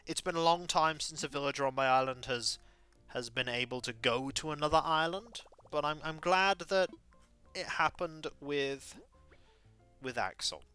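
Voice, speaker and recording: A man's voice: on the high side, normal speed, pushed and bright, clean tone, faint music behind. A man casually commenting as he plays a life-sim game on stream, chatting with viewers and muttering asides to himself.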